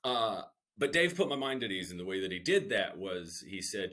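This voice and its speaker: A male comedian, a guest on a podcast, telling a rambling self-deprecating story with lively ups and downs and some swearing. His voice is low and deep but has a forceful, bright edge. He tells the story like a seasoned storyteller. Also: normal speed, hardly any pauses.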